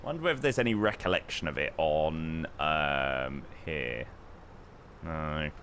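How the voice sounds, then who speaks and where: A young man streaming a flight simulator, chatting with viewers in an excitable, talkative way. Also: rumbling low, unhurried, a little hiss or hum. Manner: excitable, chatty, reacts loudly and greets viewers. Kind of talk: live-stream chat while playing a flight simulator.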